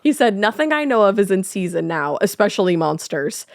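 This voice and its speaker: A woman's voice: medium pitch, very animated, fairly quick, no room sound, clean studio sound. A woman co-hosting a podcast, telling a cryptid story casually while laughing and riffing with her co-host. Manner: laughing, reading quotes, riffing.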